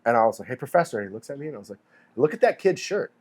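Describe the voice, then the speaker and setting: A man in his forties co-hosting a podcast, telling stories in a casual, animated way, swearing freely and acting out what people said. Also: mid-range voice, racing. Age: 40s. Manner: animated storyteller, heavy swearing, acts out quotes. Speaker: podcast co-host. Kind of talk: casual chat.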